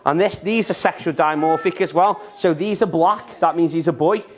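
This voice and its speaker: Excited man teaching about snakes. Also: a little high, normal speed. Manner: enthusiastic, repetitive explaining with a handling demo. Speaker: reptile keeper giving an animal talk. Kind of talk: live educational talk to children. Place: indoor museum room.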